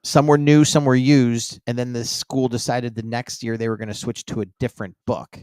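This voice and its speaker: A man's voice: medium pitch, level tone, moderate pace, a little mellow, clean tone, no room sound. A man with a mid-range voice drops short, matter-of-fact remarks into a casual podcast chat. He is recorded close and dry. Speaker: food delivery driver.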